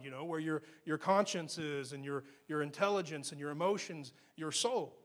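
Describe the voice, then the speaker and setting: A high-pitched man delivering a sermon to his congregation. He speaks earnestly, dropping soft and then rising to strong emphasis on key points, and slows down when reading scripture aloud. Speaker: pastor.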